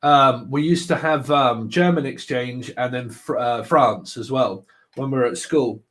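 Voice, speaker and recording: A man's voice: medium pitch, measured pace, a bit bright. A man hosting a live tarot stream, chatting casually with viewers, joking and laughing often. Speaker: tarot livestream host.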